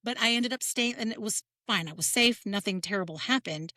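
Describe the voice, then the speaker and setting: Woman co-host, bright forceful tone, rambling casual storyteller, dry sound. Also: mid-range voice, fairly quick, dry recording. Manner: rambling, restarts mid-story. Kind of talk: casual chat.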